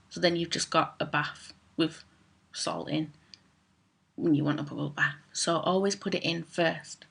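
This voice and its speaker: A woman's voice: lowish voice, vocal fry, fairly bright tone, breathy edge. A woman vlogging in a chatty, rambling, self-mocking way about favourite products. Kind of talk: casual chat to camera.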